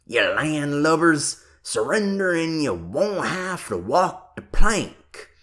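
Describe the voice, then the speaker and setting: A reader voicing a playful mother who bellows lines as a pirate chasing her children, in a loud, theatrical audiobook character voice. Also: mid-range voice, very animated, slow, pitched above the performer's own voice. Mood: bellowing, playful.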